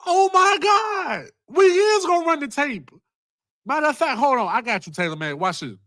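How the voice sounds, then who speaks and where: A man hosting a casual commentary vlog, excitable and profane, often repeating himself. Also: very high voice, moderate pace, no room sound, clean studio sound. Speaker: host.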